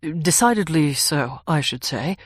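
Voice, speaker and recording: A woman's voice: deep voice, expressive, unhurried, husky, no echo, clean studio sound, pitched below the performer's own voice, exaggerated voice. A woman voicing a nervous, evasive male secretary who hesitates and stalls in an audiobook. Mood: bluffing. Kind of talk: audiobook character voice.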